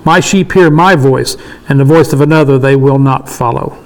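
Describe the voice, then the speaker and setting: A man's voice: mid-range voice, normal speed, vocal fry, low-quality recording. A man in his sixties leading a casual Bible study discussion, emphatic and repeating his points for stress. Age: 60s.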